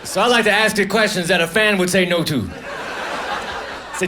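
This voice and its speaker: A man doing a live stand-up routine, delivering short one-liners in a deadpan manner. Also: high-pitched, normal speed. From United States. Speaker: stand-up comedian. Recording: noisy live recording. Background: audience laughter.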